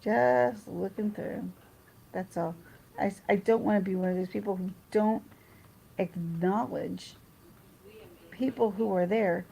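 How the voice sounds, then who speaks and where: A woman's voice: medium pitch, unhurried, vocal fry, long pauses, dark tone, a little hiss or hum, poor audio. A woman chatting casually on a livestream, reading her chat and rambling through personal stories with restarts.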